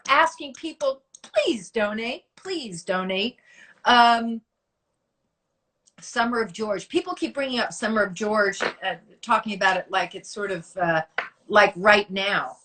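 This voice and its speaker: A middle-aged woman hosting a casual chat over a video call, upbeat and quick to laugh. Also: medium pitch, pushed and bright. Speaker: host. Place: at home.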